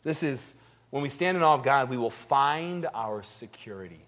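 A man preaching a sermon, swinging between loud emphatic peaks and hushed low lines, acting out the voices he quotes. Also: moderate pace. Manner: animated, acts out quoted voices, laughs now and then.

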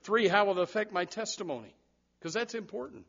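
Man preaching in church, kinda high voice, stutters and repeats, muffled lo-fi sound. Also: brisk, creaky. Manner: animated preaching with repeated words and sudden loud rises. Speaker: pastor. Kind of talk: sermon.

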